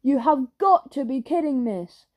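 A woman's voice: on the high side, moderate pace, mellow, lightly acted. A woman voicing a shy, embarrassed young schoolboy who mutters and blurts, in a storybook reading. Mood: flustered. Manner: muttering, flustered.

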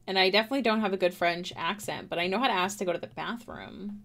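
A woman's voice: mid-range voice, fast talker, a bit bright. A young Canadian woman talks casually to her stream while she draws, half to herself. Her chat rambles and drifts, and giggles break in often. The sound is close and clean, from a desk mic at home. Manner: rambling, self-talking, giggly.

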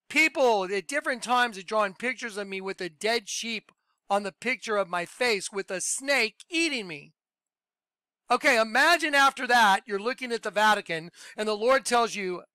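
Male host, high clear voice, emphatic, repeats himself. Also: dry recording. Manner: emphatic, excitable, repeats points. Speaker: Christian video host. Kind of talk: excited religious commentary.

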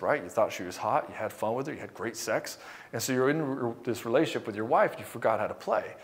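A relationship coach with a middle-pitched voice gives a motivational talk, blunt and emphatic, swearing freely to hammer his points home. Now and then he acts out dialogue, imitating what a wife or husband might say.

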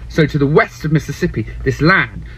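A man retelling history in an animated comic way, swearing and putting on voices. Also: fairly high pitch, fairly quick, breathy edge. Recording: dull lo-fi sound.

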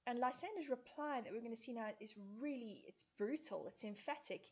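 Husky woman teacher explaining a play. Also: a little high, brisk. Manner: paraphrases old lines into plain modern speech. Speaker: English teacher. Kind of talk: explaining a play in a lesson video.

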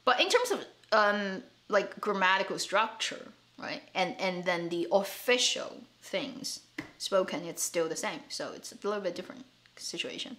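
A woman's voice: mid-range voice, expressive, moderate pace, fairly bright tone. Chatty woman. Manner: chatty, laughs often, repeats words as she thinks. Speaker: streamer and show host. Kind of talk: casual live stream chat.

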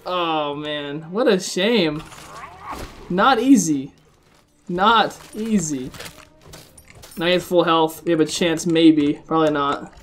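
Excitable, swearing gaming commentator, man. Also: fairly high pitch, takes it slowly, pauses often, soft background music. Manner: excitable, swears a lot, chats to viewers. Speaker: gaming video host. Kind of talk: live gameplay commentary.

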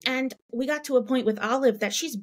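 A woman in her thirties chats easily about her experience as a parent in a podcast interview. She leans on filler words like "you know" and "right?". When she quotes other people, her voice jumps higher and gets livelier. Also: a little fast. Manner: animated, acts out quoted dialogue in a raised pitch. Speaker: guest, parent. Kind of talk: conversational interview storytelling.

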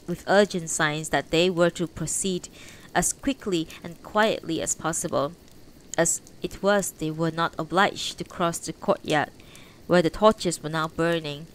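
Low-voiced woman reading a novel aloud. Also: low-quality recording. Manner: unpolished reading with frequent self-corrections. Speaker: audiobook reader on a livestream.

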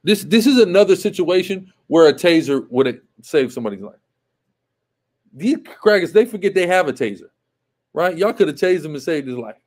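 Male host, slightly high voice, emphatic live commentary, repetitive. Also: animated, moderate pace, a little mellow. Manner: emphatic and repetitive, often asks "right?". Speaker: show host.

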